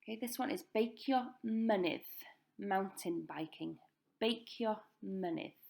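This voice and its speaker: A woman teaching a recorded language lesson, saying each word slowly and clearly for pupils to repeat. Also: medium pitch, a little mellow. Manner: slow, careful pronunciation drills. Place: school.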